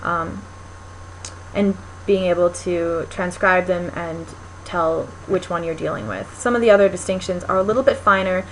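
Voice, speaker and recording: A woman's voice: on the low side, moderate pace, a little hiss or hum, poor audio. A young woman teaching a recorded linguistics lecture, explaining step by step with frequent ums and restarts. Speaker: linguistics instructor.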